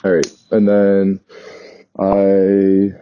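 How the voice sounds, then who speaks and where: Low, monotone and drawing out his words, a man from New York recounts a meandering trip story like a chatty vlogger. He often corrects himself, and the recording sounds dull and lo-fi.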